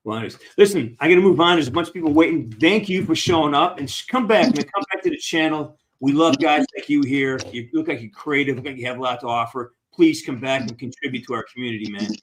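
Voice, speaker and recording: A man's voice: mid-range voice, fast, few pauses, a little hiss or hum. A man hosting a casual live-stream Q&A with fans over a video call, upbeat, encouraging and a bit rambling. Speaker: actor hosting a fan Q&A.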